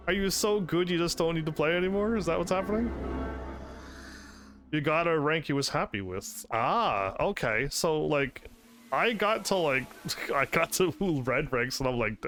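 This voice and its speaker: A man's voice: mid-range voice, moderate pace, a bit bright, soft background music. A man streaming a game who chats to his audience, laughs often, and reads the game's narration aloud. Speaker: gaming streamer. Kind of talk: casual game commentary.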